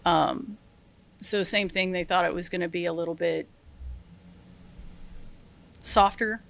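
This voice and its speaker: Lively woman telling war stories. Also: fairly low pitch, unhurried, gravelly. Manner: lively, self-deprecating, acts out quotes with laughs. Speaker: podcast guest, retired Army sergeant. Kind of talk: casual interview storytelling.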